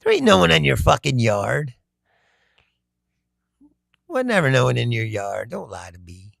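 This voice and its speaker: A man's voice: medium pitch, a little slow, gravelly, dry recording, clean studio sound. A man hosting a live stream. He reads viewer comments aloud, talks with lots of energy, laughs often and swears. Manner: animated, laughs often, shouts, profane. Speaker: host.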